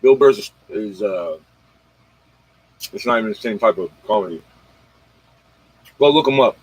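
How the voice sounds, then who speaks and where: Husky, rambling late-night male streamer. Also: fairly low pitch, animated, moderate pace, a little mellow, dull audio. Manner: rambling, slangy, talks straight to viewers, retells comedy bits. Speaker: livestream host. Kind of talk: casual late-night livestream chat.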